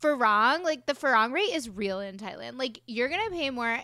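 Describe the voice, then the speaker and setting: Bright-voiced young woman gushing in chat. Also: fairly high pitch, expressive, normal speed, dry recording, studio quality. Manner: gushing, says "like" constantly. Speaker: podcast co-host. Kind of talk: casual chat.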